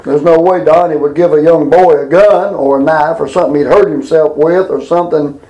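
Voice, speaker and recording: A man preaches from the Bible in a plain, folksy way. His voice sits high, and he stumbles through fillers and restarts. When he reads scripture, his pace slows and grows deliberate. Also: steady tone, mellow, lo-fi sound. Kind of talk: homespun Bible teaching.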